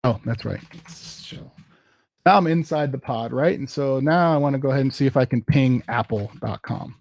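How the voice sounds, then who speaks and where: Gravelly man talking through a demo. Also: mid-range voice, normal speed, a little mellow. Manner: casual, thinks aloud while typing commands. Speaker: tech meetup presenter. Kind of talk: live software demo walkthrough.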